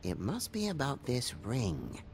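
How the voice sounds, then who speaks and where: A man's voice: mid-range voice, wildly swooping pitch, a little slow, gravelly, darkish tone, a little hiss or hum, full character voice. An actor playing a tiny, nervous male flying monkey assistant who sounds fretful and defensive.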